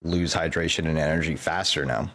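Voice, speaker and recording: A man's voice: extremely low pitch, fairly even intonation, a little fast, a bit bright. A man co-hosting a casual gaming chat, earnestly explaining game tactics.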